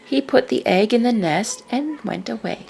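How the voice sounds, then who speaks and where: A woman reading a children's picture book aloud in a slow, expressive way. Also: fairly high pitch, gravelly, a little hiss or hum. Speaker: storyteller.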